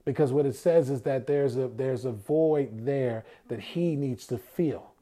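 A man's voice: medium pitch, unhurried, dark tone. A man giving a conversational sermon. He often asks rhetorical questions and answers them himself, and he acts out the voices of people he quotes.

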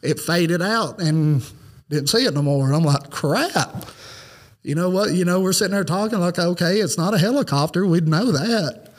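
Man, fairly high voice, rambling and earnest, fillers everywhere, podcast guest. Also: brisk. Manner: rambling, earnest, lots of "you know" fillers. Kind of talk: casual storytelling.

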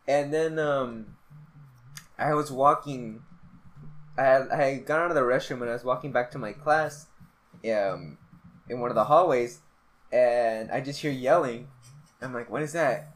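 Young guy rambling thru high school stories, lots of ums, casual podcast chat. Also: measured pace, long pauses. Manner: rambling storyteller, many fillers. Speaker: podcast co-host.

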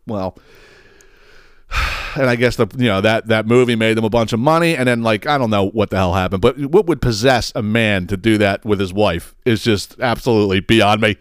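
A man hosting his own podcast, telling a story in a casual, profane and animated way, acting out the quotes. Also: fairly low pitch, moderate pace, clear, resonant tone, no echo, clean studio sound. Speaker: podcast host.

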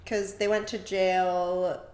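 Slow-talking woman, low, roomy echo. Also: little pitch movement, a little mellow. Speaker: podcast co-host. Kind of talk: casual film-review chat.

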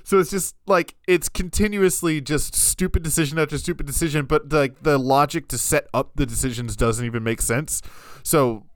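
Animated man recapping a film, dry sound. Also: a little high, normal speed, dry recording. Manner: animated storytelling, acting out scenes. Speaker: podcast co-host. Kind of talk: casual film recap chat.

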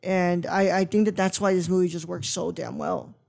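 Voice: medium pitch, steady tone, normal speed, gravelly, darkish tone. A podcast host in casual film talk, earnest and often searching for words mid-sentence.

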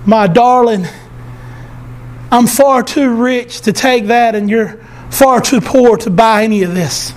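A preacher voicing a kind, rich prince in a parable-like story. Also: male voice, slow. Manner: gentle, warm and lower. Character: kind, wealthy young prince.

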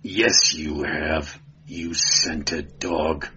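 A man's voice: steady tone, unhurried, a bit bright, dull audio, slight background noise. A man doing a snarling barbarian thief. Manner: snarling, low, contemptuous.

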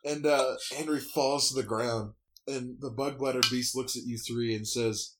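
A man's voice: medium pitch, fairly even intonation, moderate pace, background noise. Man running a tabletop game. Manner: rambling, filler-heavy narration. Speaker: game master.

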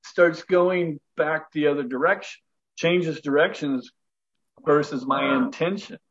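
A middle-aged man tells a story in a relaxed interview, his voice sitting a little high. He laughs often and slips into the voices of the people in his story. The audio sounds dull and lo-fi. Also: a little slow. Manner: chatty, laughs between lines, acts out quoted voices. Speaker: guest breathwork teacher.

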